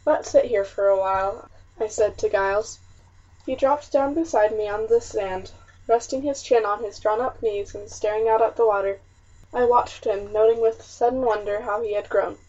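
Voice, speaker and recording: A woman's voice: fairly high pitch, steady tone, normal speed, darkish tone. Woman reading a historical novel aloud. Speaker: audiobook narrator. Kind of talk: scripted first-person narration of a historical novel. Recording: muffled, slightly distant recording.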